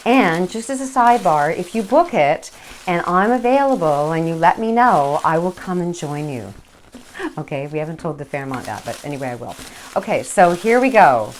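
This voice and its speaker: A woman hosting a live cooking show, chatting in a bubbly, animated way. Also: lowish voice, normal speed, slight background noise. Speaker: host.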